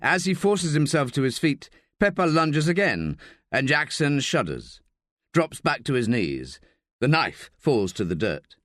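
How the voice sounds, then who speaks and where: A man's voice: on the high side, very animated, a little slow, no room sound, studio quality. A man narrating a tense thriller audiobook in a dramatic reading style. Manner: dramatic, voices shouted dialogue.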